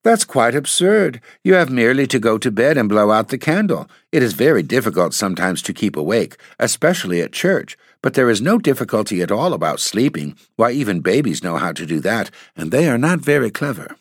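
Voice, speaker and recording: Little girl, sweet, earnest and lively, a male reader lifting his voice. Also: mid-range voice, a little fast, few pauses, no room sound, studio quality, pitched above the performer's own voice. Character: earnest, gentle young girl, sweet and brave.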